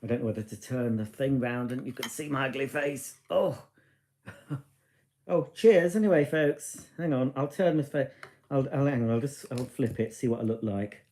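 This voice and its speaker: A man's voice: medium pitch, a little fast, darkish tone. Tipsy man rambling on a live stream. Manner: rambling, chatty, self-mocking. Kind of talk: casual live-stream chat. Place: living room at home. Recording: echoey room.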